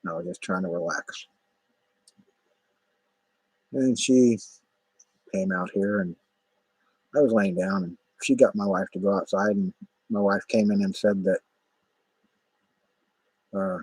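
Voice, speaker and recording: Low husky-voiced man rambling. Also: fairly even intonation, a little slow, pauses often, darkish tone, no room sound, poor audio. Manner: rambling, profane, many fillers. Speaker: vlogger. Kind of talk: casual spoken storytelling.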